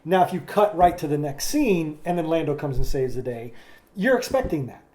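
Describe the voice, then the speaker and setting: Halting man, mellow and slightly high. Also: lively intonation. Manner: halting, repeats words while thinking aloud. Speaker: podcast co-host. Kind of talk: casual chat.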